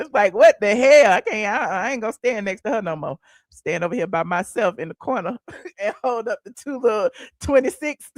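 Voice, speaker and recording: A man's voice: high-pitched, dry recording, clean studio sound. A man hosting a live gossip stream, chatting casually and sassily with viewers and calling them honey and child. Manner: sassy, animated, peppered with "honey" and "child". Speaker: host of a celebrity gossip livestream.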